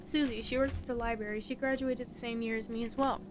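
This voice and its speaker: A woman's voice: a little high, steady tone, quick pace, background noise, natural voice. A woman voicing a laid-back young man in a visual novel, talking in a casual, slangy, gossipy way.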